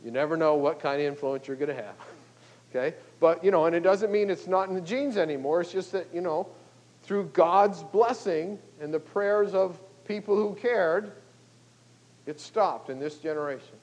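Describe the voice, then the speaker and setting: A man's voice: a little high, normal speed, a little mellow, poor audio. An older man, a pastor, preaching a sermon in a conversational, folksy way, often checking in with "okay?" and "you know".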